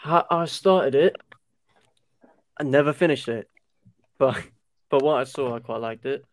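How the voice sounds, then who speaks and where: A man's voice: mid-range voice, measured pace, dry recording. A man chatting casually about films on a live stream over a video call, swearing freely and laughing often. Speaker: panelist on a movie live stream. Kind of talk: casual chat.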